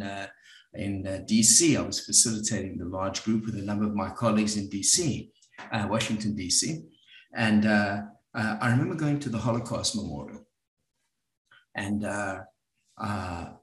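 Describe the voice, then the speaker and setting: Middle-aged male group facilitator, lowish voice, thoughtful and hesitant delivery, roomy recording. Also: fairly bright tone. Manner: reflective, hesitant, many filler words. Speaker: workshop facilitator. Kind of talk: personal storytelling talk to a group. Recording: roomy echo.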